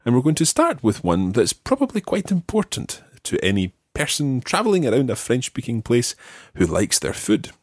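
A man hosting a language-learning podcast, teaching patiently and modelling words clearly for the listener. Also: medium pitch, wildly swooping pitch, moderate pace, dry recording, studio quality. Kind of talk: language lesson with an ad read.

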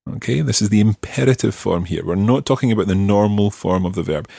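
A man hosting a language-learning podcast, explaining grammar patiently and clearly. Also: fairly low pitch, animated, a little fast, warm tone, no room sound. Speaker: language teacher and podcast host.

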